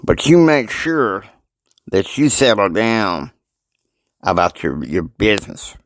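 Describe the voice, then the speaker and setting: A man voicing a gruff older grandfather who lectures bluntly. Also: fairly low pitch, very animated, slow pace, dry recording. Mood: stern.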